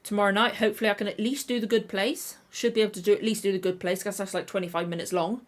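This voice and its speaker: A woman's voice: mid-range voice, steady tone, fast. A tired woman with a slightly tender throat, hosting a casual livestream chat and rambling with frequent self-corrections. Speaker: reaction channel host.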